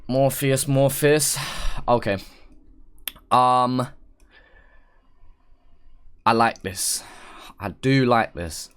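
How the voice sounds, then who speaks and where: A man's voice: on the low side, fairly bright tone, clear, resonant tone. A man from the United Kingdom hosting a casual reaction video, chatty and thinking aloud as he breaks down rhymes.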